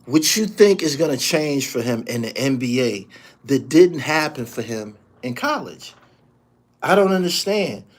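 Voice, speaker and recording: A man's voice: medium pitch, lively intonation. A man hosting his own channel, delivering a heated, profane sports rant full of slang and repeated lines. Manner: heated, rapid-fire, repetitive rant with heavy slang. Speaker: host. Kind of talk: profane ranting sports commentary.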